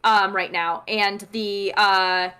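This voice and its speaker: A young woman running a tabletop game as game master, chatty and narrating with many pauses and restarts. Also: mid-range voice, fairly even intonation, pushed and bright, clear, resonant tone. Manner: chatty, lots of fillers and restarts while narrating.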